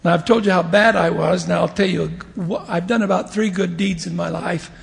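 A man in his fifties preaches with a light, storytelling touch, bouncing into voices for the people in his anecdotes. His voice sits high for a man and carries a gravelly edge, and it rings out in a large hall with a long echo. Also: fairly quick. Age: 50s. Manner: animated storyteller acting out voices, chuckling often. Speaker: church leader giving a devotional talk. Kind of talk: humorous sermon with stories.

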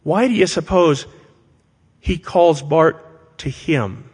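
A man preaching a sermon to his congregation, speaking deliberately and with emphasis and asking rhetorical questions. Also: a little high, darkish tone, breathy edge. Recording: long hall reverb.

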